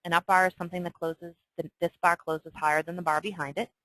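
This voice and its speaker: A woman's voice: fairly low pitch, level tone, fast talker, a bit bright, no echo, poor audio. A woman teaching stock chart reading in a chatty, emphatic way, often checking in with "okay?". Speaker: trading instructor. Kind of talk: screen-share trading tutorial.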